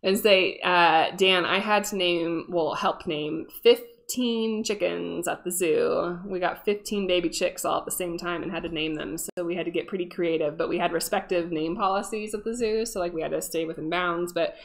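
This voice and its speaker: A woman's voice: on the low side, fairly even intonation, gravelly. A woman with a Californian accent, the host of an art livestream, chatting casually and playfully while she paints. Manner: chatty and playful, with drawn-out exclamations.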